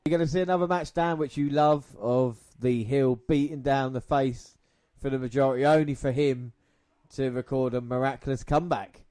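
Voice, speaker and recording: A man's voice: medium pitch, fairly even intonation, moderate pace, darkish tone, no echo. Sarcastic podcast guy calling a wrestling match, swears a lot, dead dry mic. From half Scottish. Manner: sarcastic, swearing, laughs often. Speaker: podcast co-host. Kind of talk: casual wrestling commentary chat.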